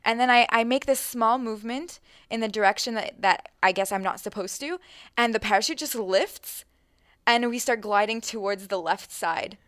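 Young woman, casual chat, animated storyteller, lots of fillers, dry close sound. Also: on the high side, normal speed, no echo. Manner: animated, many fillers, acts out her own thoughts.

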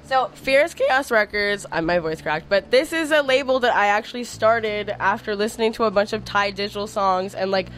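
A woman's voice: mid-range voice, a little fast, few pauses, slight background noise. A young woman from Montreal, a record label founder, chatting casually in an interview, bubbly and giggly, with many "like" fillers. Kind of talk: casual radio interview chat. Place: crowded room with people.

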